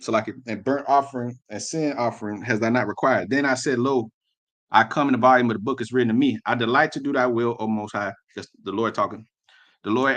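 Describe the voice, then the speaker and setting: A man gives a sermon in a mid-pitched voice. He reads old-style scripture verses aloud. Then he breaks into blunt, slangy commentary, repeating himself as he drives a point home. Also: a bit bright. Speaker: preacher.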